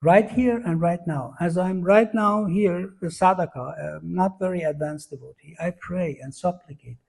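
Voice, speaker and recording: A man's voice: high voice, moderate pace, creaky. A man giving a devotional lecture, earnest and searching, with many fillers and repeated words for emphasis. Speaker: spiritual teacher.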